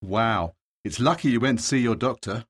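An actor as a young man patient, husky voice. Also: mid-range voice, moderate pace, close to an everyday voice. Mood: plain. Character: young adult male patient, hurt ankle.

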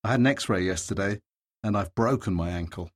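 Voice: sits low, brisk. An actor playing a young adult male patient in a language-course dialogue. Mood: plain.

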